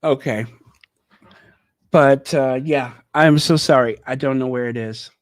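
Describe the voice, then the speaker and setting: A man's voice: medium pitch, unhurried. A man hosting a channel, chatting casually and thinking aloud as he talks straight to his viewers. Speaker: channel host. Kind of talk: casual live reaction commentary.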